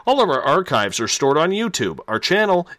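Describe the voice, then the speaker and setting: A man's voice: a little high, very animated, a little fast, fairly bright tone, no room sound. A man hosting a live late-night radio talk show, upbeat and chatty as he reads plugs and interviews a guest. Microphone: studio microphone.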